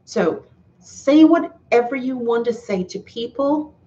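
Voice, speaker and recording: A woman's voice: a little high, animated, slow pace, mellow. Heartfelt woman chatting live with viewers. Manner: heartfelt and earnest, with many restarts. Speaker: YouTuber talking to live chat. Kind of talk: casual live-stream chat. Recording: slightly dull, lo-fi sound.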